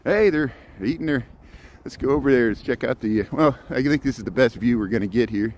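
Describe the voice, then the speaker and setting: A man walks through a snowy outdoor zoo and chats into his phone as he films. He talks casually and laughs easily, often turning to answer his viewers. A faint outdoor hum sits behind his voice, and his pitch stays in an ordinary middle range. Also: lively intonation, fairly quick, darkish tone. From Chicago area. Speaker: live-streaming walker. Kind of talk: casual live-stream chat.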